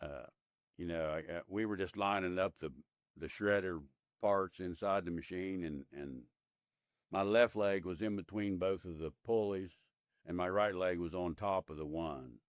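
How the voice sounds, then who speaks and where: A man's voice: deep voice, moderate pace, no echo, studio quality. A man in his fifties, a podcast guest, telling his story in a plain-spoken, rambling way with many fillers. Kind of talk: casual interview storytelling.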